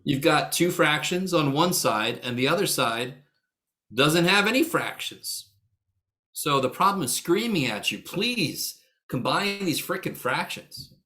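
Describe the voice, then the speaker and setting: This middle-aged math instructor speaks in a fairly high, animated voice with a sharp tone, taking his time. Teaching a casual class over a video call, he cracks jokes, talks bluntly, swears freely and teases students by name.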